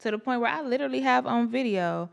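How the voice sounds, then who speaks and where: A woman's voice: on the high side, lively intonation, quick pace, vocal fry, clear, resonant tone. A woman, a podcast guest who tells stories and answers with affirming remarks. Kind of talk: candid casual chat.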